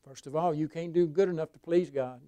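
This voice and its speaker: A pastor preaching in a folksy storytelling voice, pitched a little high for a man. He drops to a hush and then rises to a shout. The sound is dry and close-miked. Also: brisk, clear, resonant tone, dry recording. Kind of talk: sermon testimony.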